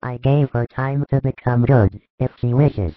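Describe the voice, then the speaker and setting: A man voicing a calm, patient male spiritual teacher. He speaks in measured, instructive sentences in a dramatized religious reading, on a tinny recording. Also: medium pitch, dry recording, natural voice. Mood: calm teaching. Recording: tinny phone-like dry recording.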